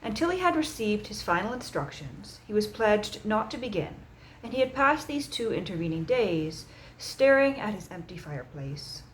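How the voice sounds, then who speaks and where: A woman from Canada reading a classic novel aloud as narrator, in a steady, clear reading voice. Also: medium pitch, a little hiss or hum, poor audio. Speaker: audiobook narrator. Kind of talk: scripted narration.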